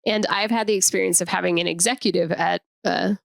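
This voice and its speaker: A middle-aged woman co-hosting a podcast, chatting casually and giving measured workplace advice. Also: on the low side, steady tone, creaky, dry recording, clean studio sound. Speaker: podcast co-host. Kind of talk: casual chat.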